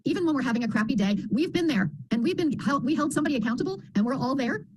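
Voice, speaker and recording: A woman program member telling stories on a group video call, animated and acting out the voices she quotes. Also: high-pitched, rapid-fire.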